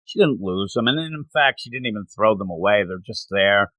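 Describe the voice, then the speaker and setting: A man's voice: on the low side, fairly quick, no room sound. A man co-hosting a manga review show, animatedly retelling the story in casual chat and emotionally invested in it. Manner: animated retelling, acting out characters' lines.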